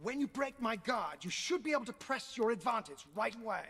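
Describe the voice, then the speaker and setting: A stern uncle sword trainer. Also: male voice, very high-pitched, expressive, vocal fry, pushed and bright, slightly rough, full character voice. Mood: commanding. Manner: commanding, measured instructions. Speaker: combat trainer in a game.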